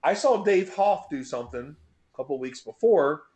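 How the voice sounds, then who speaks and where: Guesting on an interview show, a middle-aged bench press record holder speaks at a moderate pace with a fairly high-pitched voice. His storytelling is animated and profane, and he acts out scenes along the way; the recording has a roomy echo.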